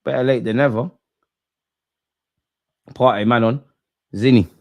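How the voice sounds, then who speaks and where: A young man hosting a live football watch-along, animated and slangy, swinging from loud outbursts to low muttering. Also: measured pace.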